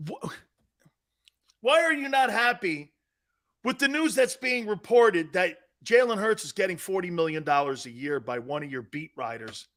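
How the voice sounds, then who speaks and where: A man with a high, bright voice hosts a sports talk show, his pitch leaping all over the place. He talks at an unhurried pace and lays on the sarcasm with mock excitement and sudden shouts. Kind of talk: sports talk radio rant.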